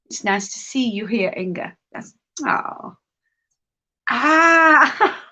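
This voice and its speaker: A woman hosts a relaxed live stream, talking slowly and easily as she knits. She answers viewers' comments in a chatty, friendly way and laughs often. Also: medium pitch. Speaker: livestream host. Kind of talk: casual chat while knitting, reading chat.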